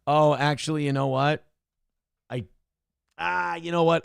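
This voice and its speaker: A man's voice: a little high, fairly even intonation, measured pace, vocal fry, pauses often, clear, resonant tone, no echo, studio quality. A man hosting a live show, reading out viewer donations in a casual, exasperated way, laughing and swearing as he goes. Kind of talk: casual live-stream talk.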